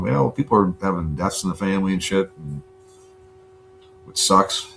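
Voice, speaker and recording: A man hosting a casual livestream from home, rambling and swearing a lot in relaxed chat. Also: low voice, normal speed, creaky, a little hiss or hum. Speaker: livestream host.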